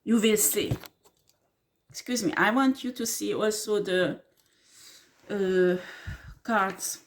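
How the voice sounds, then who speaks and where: A woman's voice: mid-range voice, slow, slight background noise. Blunt, swearing woman tarot reader. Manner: blunt, combative, swears and laughs scornfully; repeats "do you understand?" and "okay?". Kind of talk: tarot reading monologue to camera.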